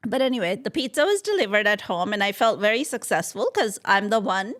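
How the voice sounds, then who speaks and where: Animated middle-aged woman telling a story. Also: medium pitch, a little fast. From Punjab, India. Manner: animated storyteller acting out dialogue. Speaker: podcast co-host. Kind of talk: storytelling in casual chat.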